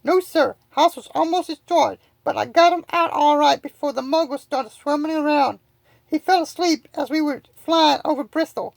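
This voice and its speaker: A woman's voice: high-pitched, moderate pace, vocal fry, no echo. A woman reading the lines of a big-hearted, tearful giant man, stammering through sobs in a storybook reading. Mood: matter-of-fact. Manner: stammering, sobbing speech.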